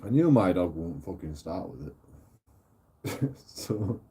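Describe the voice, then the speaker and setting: A man's voice: low-pitched, sing-song, slow pace, mellow, breathy edge. A middle-aged man, chatting casually as a streamer, rambling, repeating himself and swearing often.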